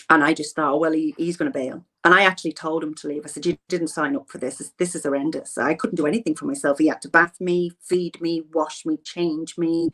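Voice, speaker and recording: Low-voiced woman telling her story. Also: a bit bright. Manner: earnest, rambling, repeats herself. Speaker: interviewee. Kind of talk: heartfelt personal storytelling.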